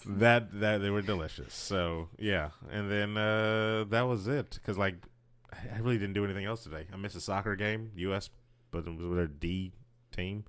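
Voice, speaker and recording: A man co-hosting a casual podcast chat, rambling and halting with frequent restarts. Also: lowish voice, steady tone, fairly bright tone, clear, resonant tone. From United States. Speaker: podcast co-host.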